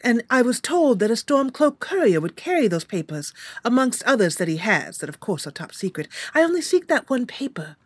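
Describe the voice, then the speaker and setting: A woman's voice: big pitch swings, brisk, hardly any pauses, husky, no echo. A woman voicing a courteous, formal noblewoman adventurer who speaks in an old-fashioned way and shrieks when in danger. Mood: courteous, wheedling. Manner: old-fashioned formal speech, shrill screaming when attacked.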